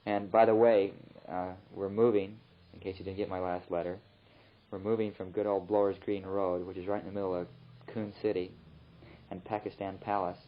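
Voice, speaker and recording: A young missionary man recording a rambling, relaxed spoken letter home in his flat. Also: sits low, normal speed. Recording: muffled old tape recording.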